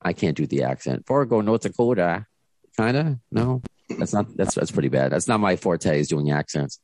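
A deep-voiced man hosts a podcast in a loose, rambling chat, his pitch swinging widely as he talks. The sound is dry and close, with no room around it. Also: expressive, normal speed, a little mellow, dry recording. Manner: chatty, rambling with restarts. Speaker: podcast host. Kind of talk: casual chat. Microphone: video call.

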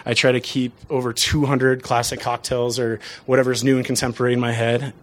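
A man who works as a bartender, telling stories to an audience in a casual, lively way and chuckling often. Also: mid-range voice, brisk. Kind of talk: storytelling talk to an audience.

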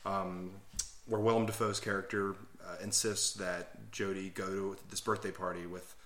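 A man's voice: deep voice, level tone, normal speed, a bit bright. Enthusiastic man in a roomy echo. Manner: enthusiastic, rambling explanations. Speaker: podcast co-host. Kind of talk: casual chat.

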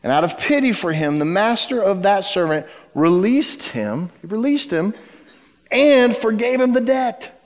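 A man preaching a sermon to his church, telling a story with dramatic shifts between loud emphasis and hushed words. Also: high voice, expressive, measured pace, big-room sound. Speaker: pastor. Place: church sanctuary.

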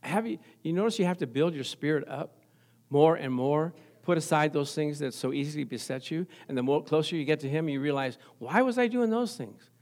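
Pastor guy preaching, high voice, jokey stories, keeps asking for amens. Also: fairly quick, a little mellow. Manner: storytelling with call-and-response, laughing often. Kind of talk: sermon.

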